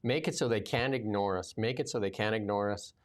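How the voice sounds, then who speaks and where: A man's voice: on the low side, brisk. A man hosting a casual political talk show, rambling with many fillers. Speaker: podcast host.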